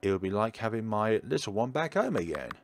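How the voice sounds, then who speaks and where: A man voicing a lonely, motherly woman witch who lives in the woods, gentle and polite as he reads game dialogue aloud. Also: on the low side, very animated, brisk, a little hiss or hum.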